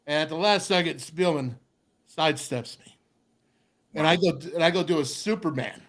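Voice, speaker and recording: Middle-aged male sports-talk host, fairly high voice, animated storyteller who does the voices. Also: moderate pace, vocal fry. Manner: animated storyteller, acts out voices, laughs often. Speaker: radio show host, former football player.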